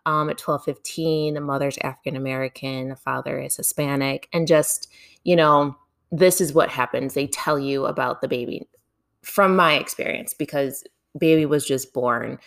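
Woman w a low voice chatting a story to her viewers, lively, laughs a lot, drops a swear here n there. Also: moderate pace, vocal fry. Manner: animated, laughing, swears casually. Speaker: vlogger telling a personal story.

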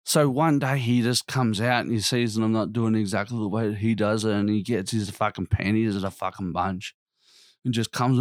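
A man's voice: lowish voice, steady tone, normal speed, no echo, clean studio sound. A man hosting a podcast, ranting in a casual, blunt and constantly profane way. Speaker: podcast host.

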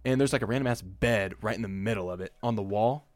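A man's voice: fairly low pitch, quick pace, faint music behind. A young man telling rambling, profane stories in casual chat, speaking right up close to the microphone. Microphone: close to the mic.

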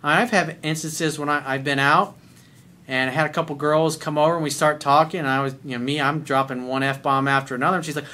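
A middle-aged man giving blunt, profane dating advice in an animated monologue. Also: on the high side, brisk. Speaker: dating coach.

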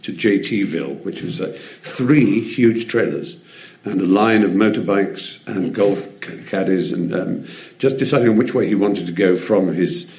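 Low-voiced English man telling stories. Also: a little slow, darkish tone. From England. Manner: articulate, theatrical storyteller, plenty of ums. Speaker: guest. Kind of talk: anecdotal interview chat. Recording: roomy echo.

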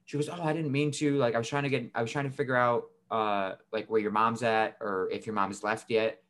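A man's voice: mid-range voice, steady tone, fairly quick, fairly bright tone. A young man co-hosting a podcast, telling a family story in a casual, swearing, laughing way. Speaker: podcast co-host.

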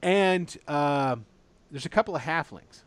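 A man narrating as game master, lively and rambling with fillers. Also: on the high side, unhurried, clean tone, dry recording.

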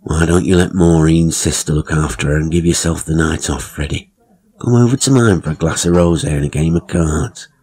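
Narrator putting on a low-voiced village gossip, crude and smug, for a horror audio story. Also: male voice, fairly quick, darkish tone. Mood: gossipy. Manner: coarse, knowing, blokey.

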